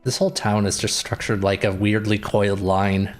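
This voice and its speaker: A man's voice: lowish voice, flat delivery, normal speed, faint music behind. A man giving wry, offhand commentary as he streams a game. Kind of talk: casual gameplay commentary.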